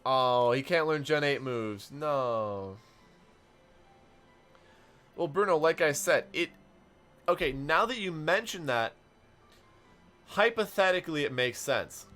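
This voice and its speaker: A young man streaming a game, telling stories in an animated way and chatting to his viewers. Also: on the high side, soft background music. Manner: animated storytelling, quick asides to chat. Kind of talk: casual stream commentary while playing.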